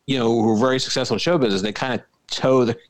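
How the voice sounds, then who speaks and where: A man's voice: mid-range voice, fairly even intonation, very fast. A man from Philadelphia co-hosting a podcast, chatting casually and joking at his own expense with frequent giggles. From Philadelphia, USA. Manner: joking, giggly, self-deprecating. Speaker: podcast co-host. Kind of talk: casual chat.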